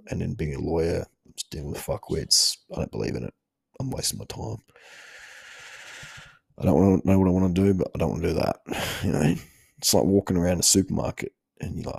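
Man, very husky voice, dry close sound, blunt profane advice, laughs a lot. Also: low-pitched, a little fast, no echo. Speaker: podcast host giving life advice. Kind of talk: casual advice chat.

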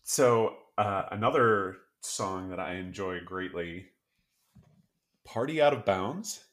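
A man co-hosting a laid-back music podcast, talking in a lowish voice. He tells stories with enthusiasm and laughs often, easy and conversational. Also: expressive, slow, a bit bright. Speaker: podcast co-host. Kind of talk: casual chat about songs.

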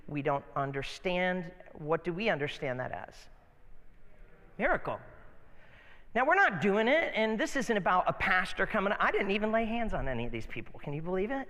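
A man preaching a sermon to his congregation in a church, animated and playful, often repeating his phrases. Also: high voice, fairly quick, long reverb tail. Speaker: pastor.

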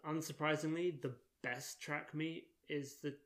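A man's voice: fairly high pitch, fairly even intonation, a little slow, a bit bright. A man co-hosting a podcast, telling stories in a dry, joking way in casual chat. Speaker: podcast co-host.

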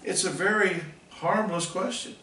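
A man's voice: sits high, unhurried, sharp tone, a little hiss or hum. A middle-aged man teaching a catechism class, telling a folksy, earnest story. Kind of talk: catechism class talk with personal anecdote. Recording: roomy, mic far off.

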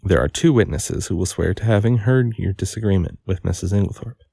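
A man reading the questions of a stern, sharp coroner. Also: deep voice, fairly quick, creaky, husky, no room sound, studio quality, exaggerated voice.

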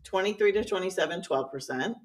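A woman's voice: fairly low pitch, lively intonation, fairly quick, recorded from a distance. A woman who is a teacher and podcast co-host, chatting casually and laughing easily. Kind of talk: casual chat.

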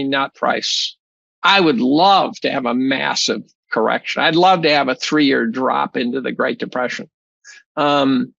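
A man's voice: fairly high pitch, gravelly, bright, forceful tone, dry recording, lo-fi sound. A man, a professor being interviewed, talking casually in a blunt, profane, rambling way with many restarts. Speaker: guest, chemistry professor.

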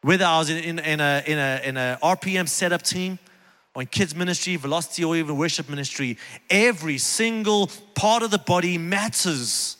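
A man delivers a sermon in a fairly high, bright and forceful voice, earnest and conversational, repeating key phrases for emphasis. His words ring out with the long reverb of a large church hall. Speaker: preacher. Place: church sanctuary, on stage.

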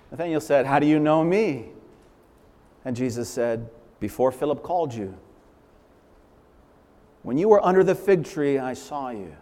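A man preaching a sermon as pastor, fervent and emphatic, swinging from loud swells to hushed, quiet lines. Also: fairly high pitch, animated, moderate pace, long pauses. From Massachusetts, USA. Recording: long reverberant hall echo.

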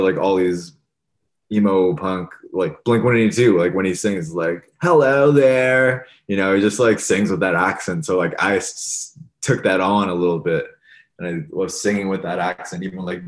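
Low-voiced young man, rambling and casual. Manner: relaxed, rambling, many fillers like "like" and "you know". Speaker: musician guest. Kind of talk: casual interview talk.

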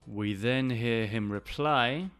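A male English teacher explaining pronunciation, slow and deliberate, repeating phrases to demonstrate them. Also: medium pitch, a bit bright, clear, resonant tone, faint music behind. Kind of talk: language lesson explanation.

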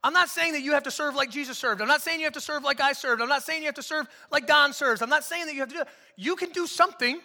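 High, bright-voiced joking preacher. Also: male voice, quick pace, long reverb tail. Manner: casual, joking, conversational preaching. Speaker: pastor. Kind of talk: sermon. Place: church stage.

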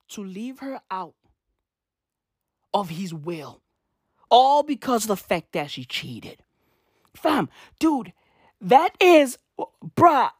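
A young man delivering a comedic rant, animated and slangy, swearing and repeating his punchlines. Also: high-pitched, no room sound, clean studio sound. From South Africa. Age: young adult.

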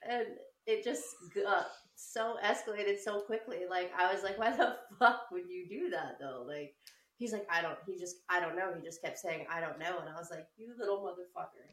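A woman telling a story in a casual chat, animated, swearing often and laughing as she talks. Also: lowish voice, moderate pace. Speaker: podcast co-host. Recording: roomy, a bit distant from the mic.

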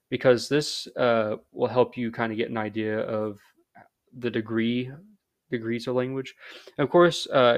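A man's voice: lowish voice, dry recording. Rambling American man, dry close sound. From United States. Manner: rambling, filler-heavy, self-deprecating. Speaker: podcast host. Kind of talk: casual podcast monologue.

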